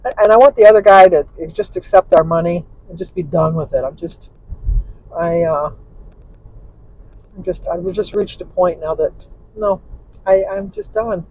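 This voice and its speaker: A woman's voice: fairly low pitch, moderate pace, pauses often, mellow, slight background noise, rough recording. An older woman from Michigan, rambling and correcting herself as she chats to the camera from a car she is driving. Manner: chatty, meandering, self-correcting storyteller. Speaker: vlogger. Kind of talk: rambling casual chat.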